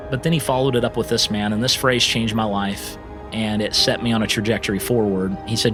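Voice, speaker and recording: A man speaking as a podcast guest, telling his story in an earnest, emphatic, animated way. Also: lowish voice, brisk, music in the background. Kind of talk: storytelling interview.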